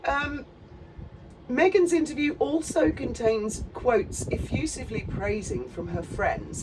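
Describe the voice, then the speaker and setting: A woman's voice: fairly high pitch, unhurried, recorded from a distance, background noise. A middle-aged woman, giving a sarcastic, profane commentary with laughing asides. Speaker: commentary channel host. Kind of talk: casual commentary.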